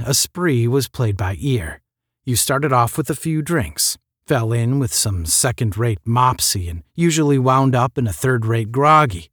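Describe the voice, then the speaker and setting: A man reading a science fiction short story aloud in a measured, steady narrating voice. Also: mid-range voice, dry recording, studio quality. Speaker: audiobook narrator.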